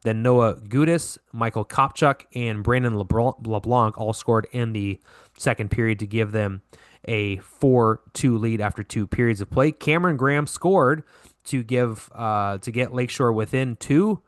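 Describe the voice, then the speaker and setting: Co-hosting a podcast, a man casually recaps hockey scores, correcting himself and using lots of fillers. He speaks at a medium pitch and measured pace, in a studio-quality recording with no room sound.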